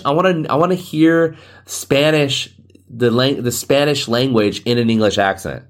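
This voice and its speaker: A man's voice: medium pitch, animated, normal speed. A man hosting a casual solo podcast, rambling and joking, often laughing at himself. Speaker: podcast host.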